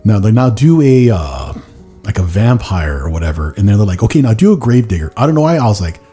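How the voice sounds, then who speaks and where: A man hosting a podcast tells long, rambling stories in casual chat, leaning on "like" and breaking into goofy put-on voices. His voice sits on the low side, with a mellow, dark tone. Faint music plays underneath. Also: sing-song, fast talker, slightly rough. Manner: rambling storyteller, heavy use of "like", slips into silly voices. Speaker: podcast host.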